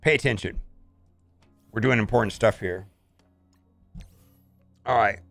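A man's voice: on the low side, normal speed, creaky, long pauses, a bit bright, dry recording, soft background music. A man casually commenting on a mobile game as he plays, thinking aloud and often saying "all right".

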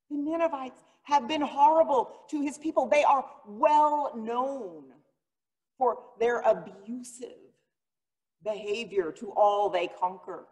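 A woman pastor giving a sermon, telling the story in an earnest, dramatic way. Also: on the high side. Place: church sanctuary. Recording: long reverb of a church hall.

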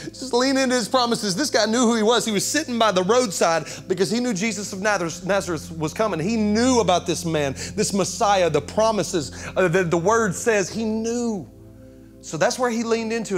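A man preaching with fervor in a voice pitched a bit higher than most men's. He swings from ringing shouts to near whispers as he presses his point. Soft music plays faintly under him. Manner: impassioned, swinging from shouting to hushed. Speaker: pastor. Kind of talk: sermon.

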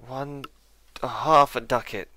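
A man's voice: mid-range voice, fairly even intonation, takes it slowly, pushed and bright. A man musing aloud while playing a strategy game, correcting himself and adding dry asides. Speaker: let's play gamer. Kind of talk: casual game commentary.

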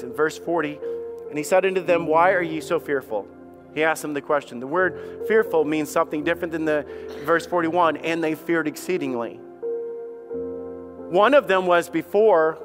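A pastor gives a passionate sermon, stammering on repeated words. He dramatizes the voices of doubters, raising his pitch to portray them.

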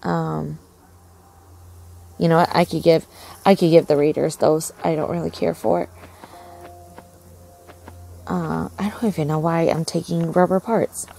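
Young woman, casual game commentary, slow unhurried talk, excitable outbursts, easily distracted, lots of fillers. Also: sits low, gravelly, a little hiss or hum. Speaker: gaming channel host.

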